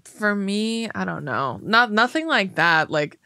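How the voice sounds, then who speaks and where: A woman's voice: medium pitch, lively intonation, measured pace, pushed and bright, no room sound, studio quality. A young woman in casual podcast chat, thinking aloud and joking about herself. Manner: self-deprecating, thinking aloud. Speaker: podcast co-host.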